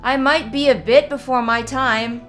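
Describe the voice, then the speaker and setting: A woman's voice: high voice, steady tone, moderate pace, fairly bright tone, faint music behind. Woman doing a hesitant young bard man. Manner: polite, hesitant. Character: young southern bard man, polite and unsure.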